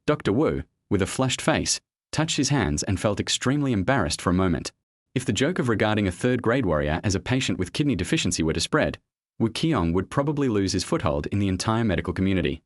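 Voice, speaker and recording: A man reading a serialized story as narrator in an even storytelling manner. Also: on the low side, fairly quick, dry recording, studio quality.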